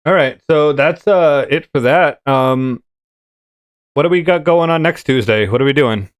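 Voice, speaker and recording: A man hosts a relaxed gaming chat show, wandering from thought to thought with plenty of fillers and restarts. His voice is smooth and resonant, recorded close and dry with no room sound. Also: on the high side, measured pace, dry recording. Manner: rambling, with many fillers and restarts. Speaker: podcast host. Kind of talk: casual chat.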